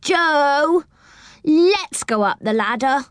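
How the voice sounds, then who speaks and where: A woman's voice: fairly high pitch, sing-song, moderate pace, fairly bright tone, no room sound, clean studio sound, voice pushed up. A woman voicing an impatient little girl in a read-aloud story, begging and a little whiny. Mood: pleading.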